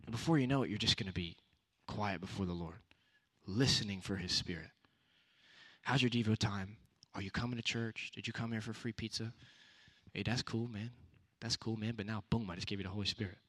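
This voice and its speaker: A man's voice: on the low side, fairly quick, a bit bright. A young man giving a casual youth sermon, conversational with punchy repeated exhortations. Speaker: youth speaker.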